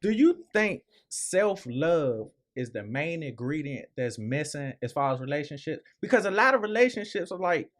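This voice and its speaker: A man on a radio talk show panel, speaking haltingly with many fillers as he asks a question. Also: a little high, sing-song. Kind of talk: casual talk show chat.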